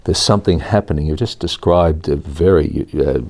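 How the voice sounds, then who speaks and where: A man's voice: a bass voice, normal speed, darkish tone. A man hosting a radio interview, asking questions and murmuring frequent agreement. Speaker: radio program host.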